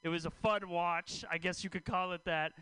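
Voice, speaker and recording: Male stand-up comic, conversational, crisp and bright tone. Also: high-pitched, fairly even intonation, moderate pace, dry recording, poor audio. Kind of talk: stand-up comedy set. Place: comedy club stage.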